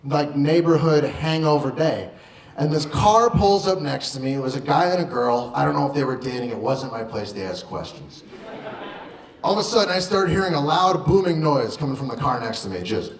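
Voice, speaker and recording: A man doing stand-up, telling a story in a loud, punchy way with swearing and acted-out quotes. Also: on the high side. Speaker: stand-up comedian. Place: comedy club stage. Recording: roomy club sound with audience noise.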